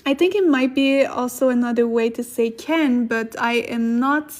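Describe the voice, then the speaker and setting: A woman who is sick, giving a casual livestream language lesson, thinking aloud, clearing her throat and laughing at herself as she looks things up. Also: a little high, a little mellow. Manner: slow careful explanations. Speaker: Korean language teacher on a livestream.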